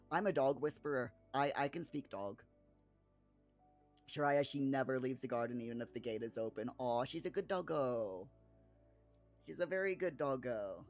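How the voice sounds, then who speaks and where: Man streamer, mid pitch, rambling casual chat with restarts, faint music underneath. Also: sing-song, unhurried, pauses often. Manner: rambling, with frequent restarts and chuckles.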